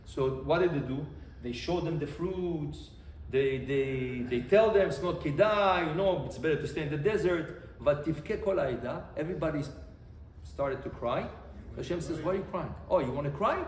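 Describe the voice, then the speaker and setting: A man, a rabbi, giving an animated Torah lesson, repeating phrases and quizzing his listeners. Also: on the high side, normal speed. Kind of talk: Torah lesson to a live group. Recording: echoey room, faint background noise.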